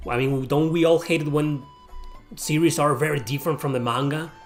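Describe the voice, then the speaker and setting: A man's voice: on the high side, steady tone, a little fast, faint music behind. Heated, swearing man ranting. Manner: heated, profane, repeats himself. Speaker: YouTube host. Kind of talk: ranting to camera.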